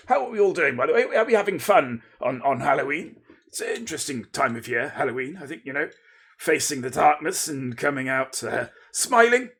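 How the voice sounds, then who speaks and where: A Lincolnshire man hosts a livestream, chatting loosely in a playful, rambling way, cutting off his own sentences and thanking viewers. His gravelly, slightly husky voice sounds pushed and bright, with pitch that bounces around a lot.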